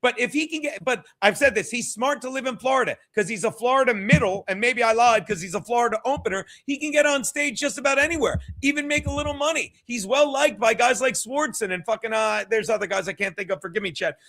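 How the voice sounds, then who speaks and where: A man's voice: very high voice, quick pace, hardly any pauses, a bit bright. A stand-up comedian, a man, giving a rambling, profane, combative rant as stream commentary.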